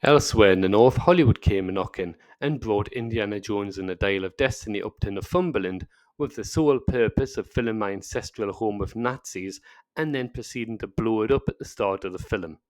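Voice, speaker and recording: A man's voice: lowish voice, brisk, darkish tone, no room sound. A man with a Northern English accent giving a scripted video-essay narration full of sarcastic asides. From north of England.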